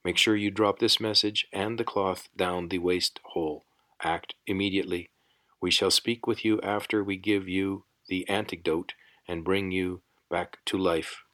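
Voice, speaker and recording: Man voicing a male message voice, clipped, urgent, halting, low, audiobook. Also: fairly even intonation, a bit bright, no room sound. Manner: clipped phrases like a scratched record.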